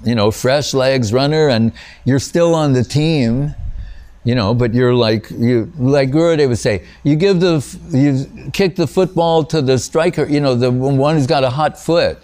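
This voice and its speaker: A man's voice: mid-range voice, measured pace, a little mellow. A man with a mid-range voice gives an informal spiritual talk as a teacher. He rambles through anecdotes, often breaking off mid-thought and restarting, with "you know" scattered throughout. He chuckles at his own stories.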